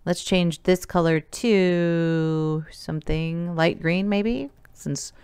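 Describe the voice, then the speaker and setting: A woman's voice: on the low side, steady tone, slow, darkish tone, clean tone, no room sound. A woman teacher giving a recorded remote lesson, explaining each step patiently and counting elements aloud.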